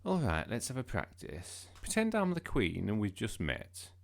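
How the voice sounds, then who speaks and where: A man playing a strict mother, brisk and fussing over her son's manners. Lively, a touch raised, with a gravelly base. A storybook parent. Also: lowish voice, heavily acted. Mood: scolding. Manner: brisk and scolding. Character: fussy, strict mother coaching her son.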